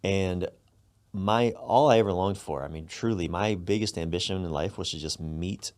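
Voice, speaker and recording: A man's voice: low voice, normal speed. A middle-aged man, a relationship coach, speaking reflectively as an interview guest over a video call, searching for words. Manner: reflective, searching for words, animated when excited. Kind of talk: candid interview conversation.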